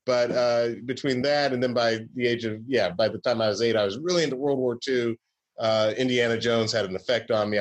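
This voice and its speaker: Southern-raised comedy writer, middle-pitched, wry, rambling guest storyteller. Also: male voice. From Southern US, Georgia. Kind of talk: casual interview chat.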